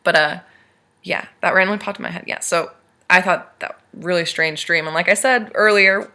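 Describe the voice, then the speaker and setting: A young woman vlogger casually retelling a strange dream to her camera, animated and rambling. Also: on the low side, normal speed, creaky.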